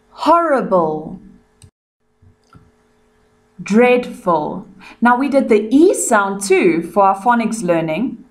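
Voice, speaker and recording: A South African woman teaching young children in a recorded lesson. She takes her time over each word and sounds it out clearly and patiently. Her pitch sits at a middle level for a woman.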